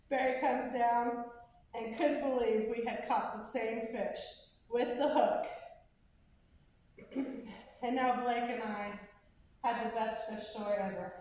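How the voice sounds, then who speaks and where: A woman with a fairly high voice tells a prepared personal story about a day out with her son. She speaks in measured phrases with slow, emphatic pauses and picks up when the story gets exciting. The sound is very echoey, heard from a distance, with faint noise behind. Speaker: mother telling a family story.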